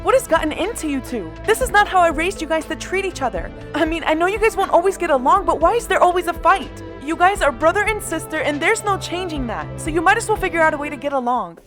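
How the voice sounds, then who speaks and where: A fed-up, strict mother, voiced by a woman in a homemade cartoon. Her high voice moves up and down as she lays down the law. Music plays clearly behind. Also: animated, fast talker, hardly any pauses. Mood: stern. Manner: scolding, firm. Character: strict, tired mother of two.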